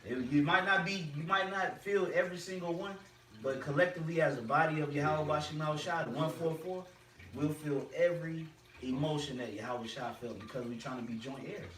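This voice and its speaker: A man's voice: fairly high pitch, fairly quick, a bit bright. Emphatic preaching man, roomy distant sound. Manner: emphatic, repetitive, uses slang. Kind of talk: preaching group discussion. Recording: roomy and distant with faint noise.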